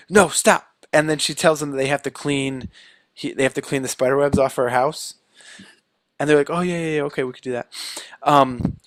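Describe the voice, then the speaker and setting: A man's voice: on the high side, dry recording. A man co-hosting a podcast, retelling a film scene by scene and acting out the characters' lines in a casual chat. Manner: animated retelling, acting out quotes. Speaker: podcast co-host.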